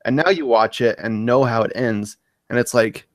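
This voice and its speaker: A man's voice: mid-range voice, normal speed, no echo, studio quality. A young man co-hosting a casual movie podcast, laid-back and swearing casually as he talks. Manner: laid-back, laughing, profane. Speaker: podcast co-host.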